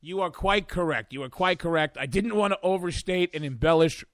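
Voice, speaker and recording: A man co-hosting a radio talk show in a joking, playful way, hoarse from allergies. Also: a little high, brisk, dry recording. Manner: joking, playful, calls listeners "baby" and "folks". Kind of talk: casual radio banter. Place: studio in northeastern New York.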